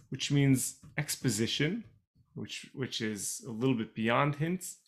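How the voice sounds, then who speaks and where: A man's voice: mid-range voice, takes it slowly. A man teaching Torah in an online class over a video call, explaining in a chatty way and repeating key phrases.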